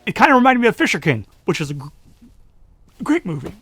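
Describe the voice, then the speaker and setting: A man reviewing a movie in a casual vlog, sarcastic and animated, laughing at his own jokes. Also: high-pitched, quick pace, slightly rough, no room sound.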